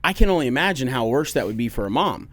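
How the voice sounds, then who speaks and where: A man co-hosting a podcast, telling family stories in a loose, profane, animated way. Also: mid-range voice, fast. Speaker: podcast co-host. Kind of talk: casual podcast chat.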